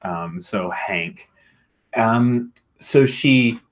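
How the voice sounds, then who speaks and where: A man running a tabletop game as game master, narrating in a rambling, animated way. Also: on the low side, extremely slow.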